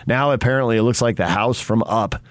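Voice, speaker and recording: A man's voice: medium pitch, brisk, dry recording. A man hosting a sports radio talk show, chatting casually and teasing his co-hosts. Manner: chatty, teasing, laughs often.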